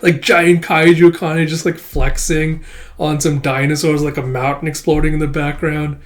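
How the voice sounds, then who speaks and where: A chatty man reading a comic aloud and commenting as he goes. His voice sits a touch high for a man. The delivery is loose and casual, and he laughs easily. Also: little pitch movement, moderate pace. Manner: chatty, laughs often, frequent "it's like".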